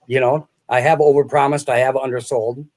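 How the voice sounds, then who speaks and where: A man's voice: mid-range voice, steady tone, normal speed, a little mellow. Small-town guy guest, rambles and laughs a lot, talks about sales, medium voice. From small-town American Midwest. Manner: rambling storyteller, laughs often, restarts sentences. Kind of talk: casual interview chat.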